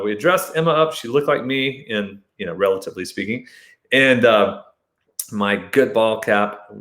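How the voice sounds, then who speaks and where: A man hosting his show, telling a personal story as a monologue and acting out shouted lines with sudden high jumps. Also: reverberant.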